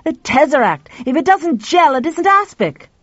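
A woman voicing a frustrated man who shouts and complains in a high voice. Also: lively intonation, slow pace, dry recording, dull audio. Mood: exasperated. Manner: exasperated outbursts.

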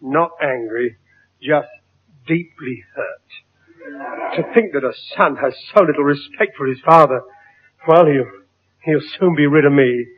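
A man's voice: fairly high pitch, moderate pace, natural voice. A man playing a pompous, huffy older father in a radio comedy, sarcastic and blustering. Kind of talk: 1950s radio comedy acting. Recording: tinny old radio broadcast with hiss.

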